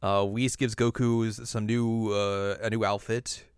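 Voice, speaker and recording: A young man hosting a casual podcast, recapping an anime episode and acting out the characters in high, silly voices. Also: little pitch movement, unhurried, smooth. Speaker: podcast host.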